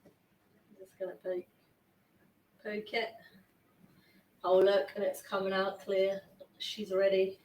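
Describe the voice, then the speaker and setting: A young woman chatting to her live-stream viewers as she bakes in her kitchen, excitable and sweary, often drifting away from the mic. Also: medium pitch, takes it slowly, long pauses. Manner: chatty, sweary and excitable, talking to chat while baking. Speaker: baking livestreamer. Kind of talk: casual live-stream chat. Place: home kitchen. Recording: echoey kitchen with faint ambience.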